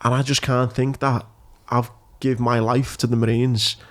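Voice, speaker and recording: A man's voice: medium pitch, a little slow. English podcast host guy, ex-marine, tells it straight and gets worked up, average voice. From England. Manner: animated, frank storytelling. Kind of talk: casual chat.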